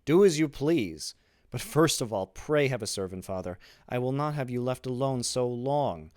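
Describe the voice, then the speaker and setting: A man's voice: expressive, moderate pace, a little mellow, dry recording, clean studio sound, natural voice. A man voicing an earnest, generous young sailor with emphatic, lifted delivery. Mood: eager. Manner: raised pitch, emphatic.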